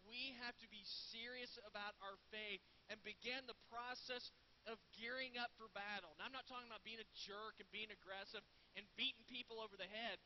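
A man's voice: high voice, steady tone, fairly quick. A man preaching a sermon as pastor, earnest and conversational, often repeating words as he goes. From United States. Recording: dull lo-fi with faint hiss.

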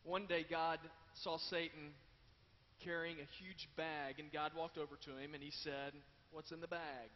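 A man preaching a sermon, telling stories with sudden swings from loud to hushed. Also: a little high, level tone, moderate pace. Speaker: pastor. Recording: long hall reverb, dull lo-fi sound, faint ambience.

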